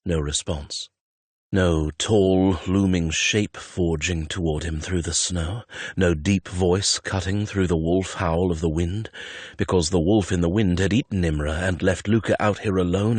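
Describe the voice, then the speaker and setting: Male narrator, deep husky voice, dramatic tense reading, dry studio sound. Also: steady tone, moderate pace, no echo. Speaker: audiobook narrator. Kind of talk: scripted narration.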